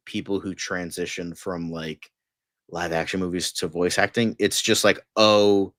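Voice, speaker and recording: A man's voice: on the low side, a bit bright, dry recording, studio quality. A man in casual chat, gushing and rambling with lots of fillers, tired and delirious late at night.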